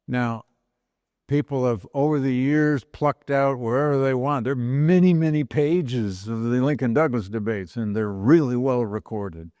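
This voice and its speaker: An older man, a history professor, giving a university lecture with lively storytelling and dramatic read-out quotes. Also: medium pitch, no echo, studio quality. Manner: storytelling lecturer, animated quoting of historical speeches. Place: large chapel lecture hall.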